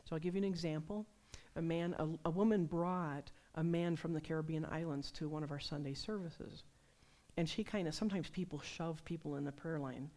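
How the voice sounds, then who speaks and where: A woman preaching a sermon, telling personal stories in a conversational, animated way. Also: sits low, fairly quick. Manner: conversational, animated storytelling with laughs.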